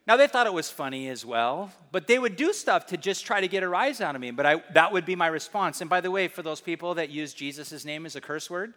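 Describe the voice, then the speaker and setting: A middle-aged man preaching as a pastor, telling stories with emphasis and reading scripture slowly and deliberately. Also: fairly high pitch, expressive, a bit bright, long reverb tail. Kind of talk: sermon.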